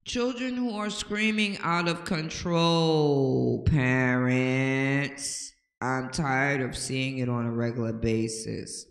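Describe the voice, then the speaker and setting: An older woman talks slowly and deliberately, lecturing with emphatic, preachy conviction. Her voice rings around a roomy space with a long, lingering reverb. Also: a bass voice, steady tone. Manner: preachy, emphatic, checks in with "okay?". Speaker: home-remedy host. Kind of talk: casual advice talk to camera. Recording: echoey room with long reverb.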